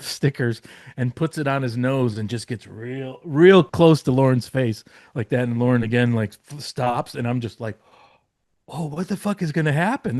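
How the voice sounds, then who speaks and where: A man's voice: mid-range voice, darkish tone, no room sound, clean studio sound. A man telling behind-the-scenes stories as a podcast guest, rambling with lots of fillers and casual swearing. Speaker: podcast guest, former comedy writer. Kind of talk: casual storytelling.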